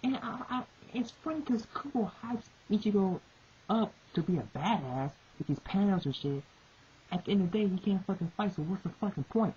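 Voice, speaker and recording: A woman with a low, dark voice rants through exasperated commentary, swearing and circling back to the same complaints again and again. The recording is muffled and lo-fi, with a steady hiss underneath. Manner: profane, repetitive, exasperated ranting. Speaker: manga reviewer. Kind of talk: ranting commentary.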